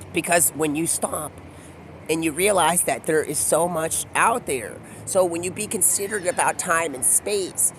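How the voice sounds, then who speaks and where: A man's high, slightly bright voice drifts through a rambling stream-of-consciousness story outside near a street, and slight background noise can be heard. Along the way he keeps slipping into put-on voices to quote people.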